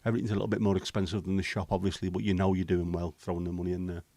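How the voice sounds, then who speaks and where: Chatty man, low voice. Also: little pitch movement, very fast, warm tone, no room sound. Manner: chatty, swears casually, banters with viewers. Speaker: livestream host. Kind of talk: casual chat reading viewer comments.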